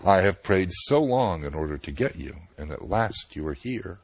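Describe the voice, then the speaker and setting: A man's voice: sits low, lively intonation, moderate pace, dry recording. A man doing a lovestruck old sage. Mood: pleading. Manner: pleading, eager. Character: lovestruck old male sage, eager and clueless.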